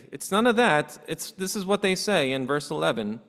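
A man's voice: a little high, very animated, moderate pace, hardly any pauses, fairly bright tone. A man pastor preaching a sermon earnestly, asking his congregation rhetorical questions. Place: church sanctuary. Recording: long hall reverb in a church.

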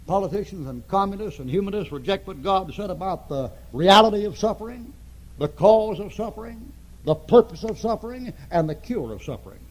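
An older man preaching a sermon to a congregation, repeating phrases and swinging between loud emphasis and hushed tones. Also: high voice, animated, brisk, rough recording. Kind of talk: fiery sermon. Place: church before a congregation.

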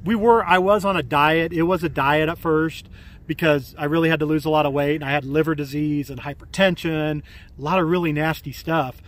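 A man's voice: fairly high pitch, steady tone, a little fast, fairly bright tone. A man in his forties telling a personal story to camera outdoors by a pool, rambling with many fillers and restarts. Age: 40s. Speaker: vlogger.

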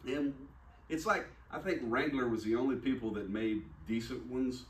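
A man's voice: medium pitch, moderate pace. A man preaching a sermon, telling a personal story in a conversational, self-deprecating way and acting out the dialogue. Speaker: pastor. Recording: echoey room, mic at a distance.

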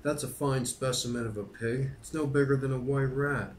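A man's voice: steady tone, normal speed, a little hiss or hum, natural voice. A man reading aloud and voicing a brash, demanding ten-year-old boy in a raised voice. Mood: mocking. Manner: demanding, mocking, raised pitch.

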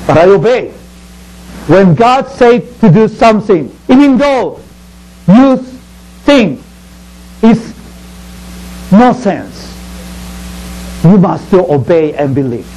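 A man with a high, lively voice that leaps up and down preaches to children in character. He tells the story slowly and theatrically in simple, broken English. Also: poor audio. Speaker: children's pastor. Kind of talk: dramatic first-person Bible story for children.

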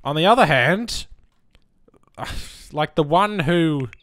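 A man's voice: a little high, lively intonation, slow, a bit bright, dry recording. A young man giving chatty gameplay commentary as a let's play host, muttering reactions as he goes.

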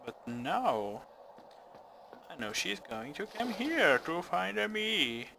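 A man's voice: fairly high pitch, big pitch swings, slow, vocal fry, slight background noise. A man doing let's play commentary, swearing a lot, yelping and shrieking in panic and dropping to whispers when scared. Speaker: gamer playing through a horror game. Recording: loud game music behind the voice. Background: loud game music.

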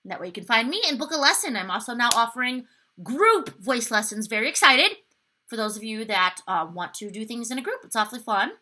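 Upbeat high-voiced woman voice teacher. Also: very animated, brisk, bright, forceful tone. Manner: upbeat, encouraging, demonstrates exercises by singing. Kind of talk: online singing lesson.

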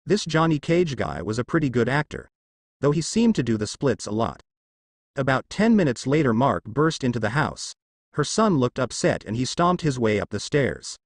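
A man's voice: mid-range voice, big pitch swings, moderate pace, dry recording, studio quality. A man narrating a fan fiction story in a casual, lightly wry reading style.

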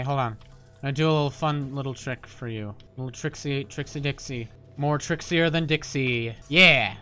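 A let's player giving casual gameplay commentary, rambling and jokey, with playful asides. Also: mid-range voice. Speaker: video game let's player.

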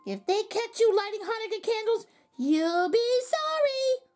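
A woman voicing a tiny, squeaky male goblin from a storybook read-aloud, boastful but easily frightened. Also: expressive, unhurried, darkish tone, soft background music. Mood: taunting. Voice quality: very high squeaky.

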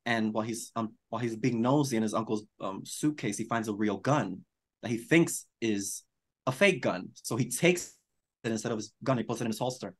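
A man co-hosting a podcast in casual chat, animated and campy, calling people darling. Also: on the low side, a little fast. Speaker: podcast co-host.

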